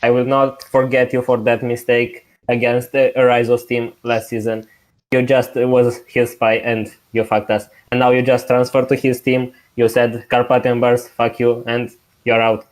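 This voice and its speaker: A man's voice: medium pitch, completely flat delivery, normal speed, poor audio. A man on voice chat teasing and trash-talking his friends in a joking way, swearing freely. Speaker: team member.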